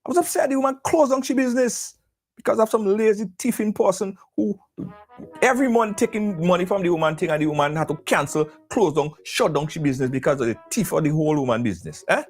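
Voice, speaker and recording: A man's voice: high-pitched, expressive, quick pace, a little mellow, soft background music. A man hosting a call-in talk show, heatedly ranting. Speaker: radio show host.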